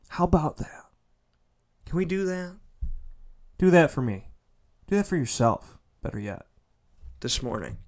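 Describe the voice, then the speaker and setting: A man giving a heartfelt motivational monologue. He repeats phrases for emphasis and swings between loud, pushing lines and soft, near-whispered ones. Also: fairly high pitch, sing-song, a little slow, long pauses.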